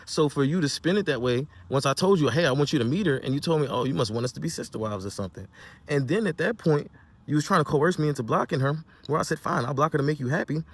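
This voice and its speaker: A young man rattles through his side of a breakup in a rapid, heated rant. His voice sits a little high for a man. He acts out everyone's lines, swinging from quiet to loud. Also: lively intonation, slightly rough. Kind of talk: heated personal storytelling rant.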